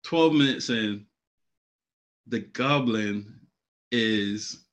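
A young father co-hosting an anime podcast, telling a story in a relaxed, joking way. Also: on the low side, drawn-out words. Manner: laid-back storyteller, laughing, dramatic asides. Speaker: podcast co-host. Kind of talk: casual chat.

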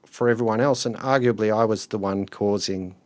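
Low-voiced man rambling. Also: steady tone, brisk, darkish tone, no room sound. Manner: rambling, hesitant storyteller. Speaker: podcast co-host. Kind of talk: casual chat.

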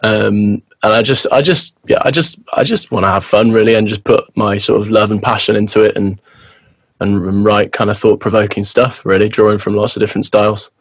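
English guy in his thirties, lowish voice, earnest and rambling, dry close sound. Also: steady tone, fairly quick, no echo. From England. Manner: earnest, rambling, self-deprecating. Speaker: guest musician. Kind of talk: casual podcast interview.

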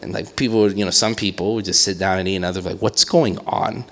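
Talking fast in a low voice, this pastor preaches conversationally, spinning animated stories with many fillers and playfully acting out quotes. There's a little hiss or hum in the audio.

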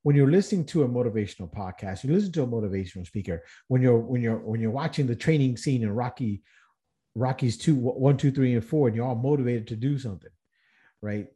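Guy doing a motivational podcast rant, warm mellow tone, mid pitch, keeps restarting sentences. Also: fast. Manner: earnest, rhetorical questions, frequent restarts. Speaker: podcast host.

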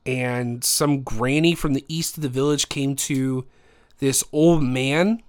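A man's voice: mid-range voice, fairly even intonation, takes it slowly, clean tone. A man co-hosting a podcast in casual chat, teasing his friend, swearing freely and telling a story with lots of fillers. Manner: teasing, swears freely, laughs loudly when flustered. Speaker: podcast co-host.

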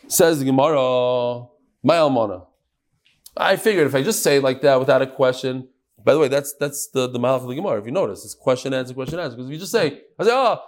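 A man teaching a Talmud class, reading the text in a sing-song lilt and questioning his students. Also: mid-range voice.

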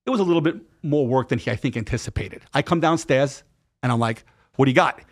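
A middle-aged man telling a personal story in a casual interview, emphatic and animated. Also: medium pitch, quick pace. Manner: emphatic, animated retelling with acted quotes and profanity. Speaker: podcast guest.

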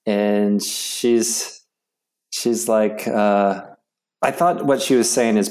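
A middle-aged man, a guest in an interview, telling stories haltingly with many restarts and fillers. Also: fairly low pitch, steady tone, darkish tone. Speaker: interview guest, yoga practitioner. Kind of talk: casual storytelling interview.

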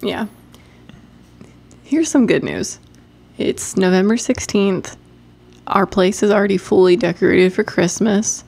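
A woman's voice: mid-range voice, lively intonation, a little slow, gravelly, pauses often, a little mellow, husky. A young woman co-hosting a casual podcast, talking with a stuffed-up nose, rambling and cutting herself off with frequent laughs. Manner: rambling, self-interrupting, laughs often. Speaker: podcast co-host. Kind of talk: casual chat.

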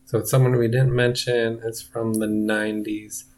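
A man's voice: medium pitch, little pitch movement, moderate pace, a little mellow. A man co-hosting a comedy podcast in casual chat, leading the bits and quizzing his co-host.

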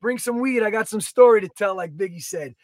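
A man co-hosting a podcast, telling a story in a casual, animated way, swearing and acting out his own quotes. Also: sits high, a little fast, no echo. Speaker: podcast co-host. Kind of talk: casual chat.

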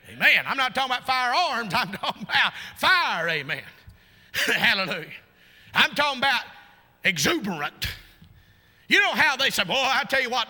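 A man preaching a sermon in a fervent, folksy way, climbing to shouts and breaking into laughing asides. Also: very high voice. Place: church sanctuary. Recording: long church reverb.

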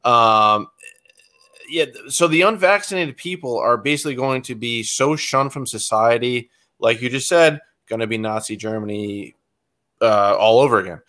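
A man in casual chat who stays calm and matter-of-fact, filling pauses with fillers. His pitch sits in the middle. His tone is bright.

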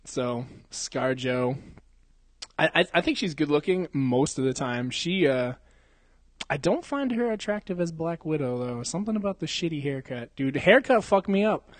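A man's voice: fairly high pitch, animated, moderate pace, no echo. A young man in his twenties chatting crudely on a podcast. He swears constantly, uses slang and breaks into laughter often. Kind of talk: crude casual banter.

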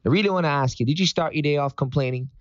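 A man's voice: fairly high pitch, racing, no echo, dull audio. A man giving an upbeat, preachy motivational morning talk to his followers. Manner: preachy and upbeat, with sung greetings.

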